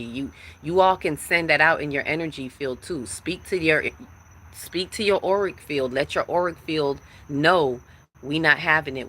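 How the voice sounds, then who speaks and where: Brief: woman spiritual teacher on a live stream, forceful bright voice, preachy and emphatic. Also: low-pitched.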